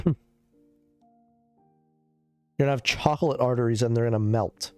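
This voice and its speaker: A man's voice: mid-range voice, normal speed, clean tone, no echo, faint music behind. A man streaming a casual chat while sick. He coughs, sounds loopy and rambles, swearing a lot.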